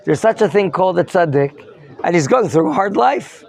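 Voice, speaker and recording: A man's voice: high voice, animated, moderate pace, creaky, darkish tone. A man teaching a Torah lesson as a rabbi, questioning his students and mixing in Hebrew terms. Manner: questions the students and prompts answers.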